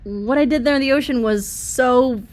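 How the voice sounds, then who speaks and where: A woman's voice: high-pitched, moderate pace, darkish tone, pitched above the performer's own voice, lightly acted. A woman voicing a reluctant, unsure eighteen-year-old girl in an amateur audiobook. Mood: anxious. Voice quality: hesitant, reluctant.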